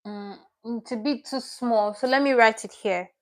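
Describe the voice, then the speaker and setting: A Korean language teacher with a slightly high voice speaks at a moderate pace during a livestream lesson. She explains patiently, step by step, repeating each word she teaches.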